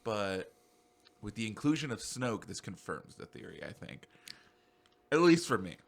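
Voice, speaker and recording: A young man co-hosting a podcast in casual chat, rambling excitably and swearing freely. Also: on the low side, normal speed. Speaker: podcast co-host.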